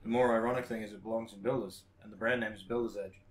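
A man's voice: on the low side, steady tone, quick pace, reverberant, a little hiss or hum, poor audio. A man, a podcast co-host chatting casually with laid-back, dry remarks. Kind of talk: casual chat.

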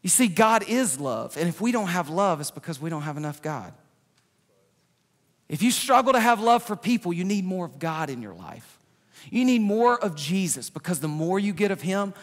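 A man preaching a sermon in a church, animated and joking, with loud outbursts. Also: sits high, normal speed. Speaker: pastor. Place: large church sanctuary. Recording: reverberant church hall.

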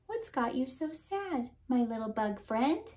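A woman voicing a kind, gentle female ladybug who speaks softly and encouragingly in a children's storybook. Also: fairly high pitch, very animated, unhurried, reverberant, a little hiss or hum. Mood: gentle, caring. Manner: soft, caring, encouraging.

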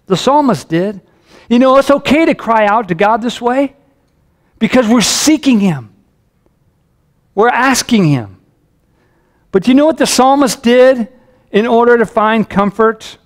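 Man, pastor, sermon, high-pitched, earnest, lifts voice for scripture. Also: a little slow, pauses often. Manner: earnest, rises in pitch when reading scripture aloud.

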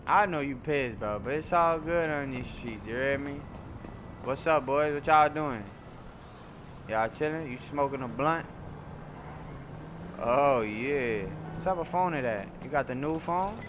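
A young man giving playful, excitable gameplay commentary, trash-talking and swinging from sudden shouts to low mutters. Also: a little slow. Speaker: gaming YouTuber. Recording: loud game sounds behind the voice. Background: video game noise and vehicle sounds.

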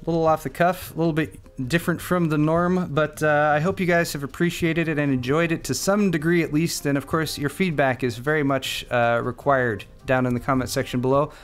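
A man's voice: fairly high pitch, a bit bright. A man hosting a tech video, talking casually and joking at his own expense while testing gear. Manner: joking, self-deprecating, chatty.

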